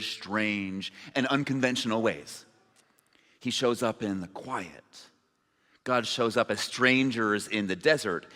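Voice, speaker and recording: A pastor with a sharp-toned, mid-range voice preaches a sermon in a conversational, informal style, adding asides. The church sanctuary gives the recording the long reverb of a large hall.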